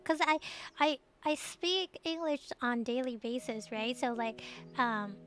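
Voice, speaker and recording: A woman's voice: high-pitched, unhurried, faint music behind. A woman from Taiwan, a native Mandarin speaker, chatting casually late at night on her stream, laughing often and answering chat messages.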